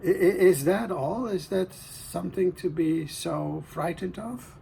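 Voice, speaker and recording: A man's voice: sits high, a little slow, creaky, mellow, slight background noise, voice pushed up, heavily acted. A man playing a fisherman who questions why the farmer is so afraid. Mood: incredulous. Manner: incredulous questioning. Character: calm, doubting fisherman.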